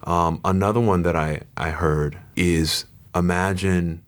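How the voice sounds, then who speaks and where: Deep-voiced man in relaxed conversation. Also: unhurried. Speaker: podcast guest. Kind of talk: casual conversation.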